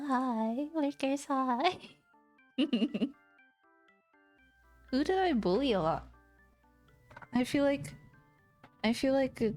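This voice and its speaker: A woman streamer with a mellow, mid-range voice chats casually with her viewers, talking straight to them. She's playful and teasing, giggly and laughing often.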